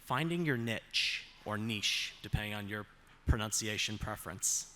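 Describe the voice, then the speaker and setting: A man giving a motivational presentation with slides as a self-advocate, measured, asking the audience rhetorical questions and slowing down on key phrases. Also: lowish voice, expressive, a bit bright, a little hiss or hum.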